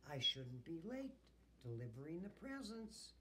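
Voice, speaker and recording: A woman reading aloud as a frantic storybook Santa, an old man forever running late. He exclaims loudly, with pitch leaping high and low, at an unhurried pace. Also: sing-song, a little hiss or hum, exaggerated voice. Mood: alarmed. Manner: loud, flustered, exclaiming.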